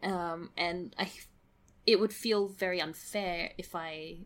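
An Australian woman voice actor being interviewed, easygoing and giggly with quick jokes. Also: fairly low pitch, fairly even intonation, fairly bright tone. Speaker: voice actor, audio creator guest. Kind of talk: casual interview chat.

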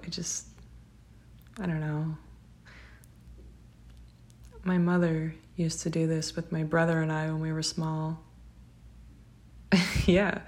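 A young woman, speaking gently and tenderly to a partner in a whispered role-play, with soft laughs. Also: low-pitched, vocal fry. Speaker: affectionate partner.

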